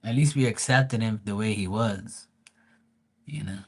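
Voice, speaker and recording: A man's voice: fairly low pitch, a little slow, slightly rough. A man telling stories in a casual, crude and mocking rant, full of swearing, with stammered restarts. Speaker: vlogger.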